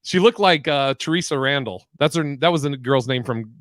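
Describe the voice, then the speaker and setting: A man's voice: medium pitch, moderate pace, fairly bright tone, no echo, clean studio sound. Profane, rambling man on a podcast. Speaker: podcast co-host. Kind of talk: casual live-stream chat reading comments.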